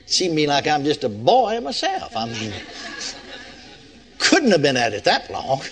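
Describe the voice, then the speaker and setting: Older male preacher, folksy, high animated delivery, questions thrown at the pews. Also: a little slow, noisy background. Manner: folksy, asks the congregation rhetorical questions. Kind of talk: sermon.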